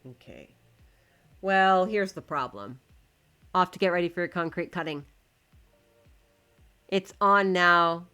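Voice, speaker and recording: A woman's voice: on the low side, slow pace, pauses often, bright, forceful tone, smooth, faint music behind. A woman streaming live, chatting casually to her viewers and to the game while she builds, swearing when it frustrates her.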